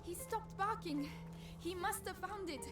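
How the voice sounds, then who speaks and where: A woman's voice: very high-pitched, measured pace. Brave, caring young noble girl, game dialogue, urgent calls over music. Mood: hushed.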